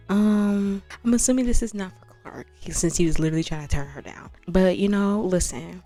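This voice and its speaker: A woman's voice: medium pitch, brisk, few pauses, warm tone, dry recording. A young woman giving casual, slangy commentary while playing a life-sim game. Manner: chatty, slangy, narrates and voices sims. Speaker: gaming channel host. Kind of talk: casual let's-play commentary. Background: background music.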